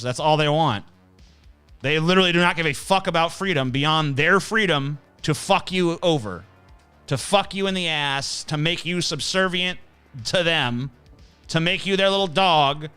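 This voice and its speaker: A man's voice: high-pitched, bright, forceful tone, clean tone. A male host giving blunt, profane, scornful ranting commentary while reacting to clips and viewer questions.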